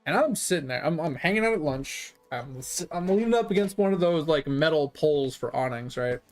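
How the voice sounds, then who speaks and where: A young adult man who streams games, telling profane, animated stories in casual chat. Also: a little high, brisk. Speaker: gaming streamer. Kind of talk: casual storytelling.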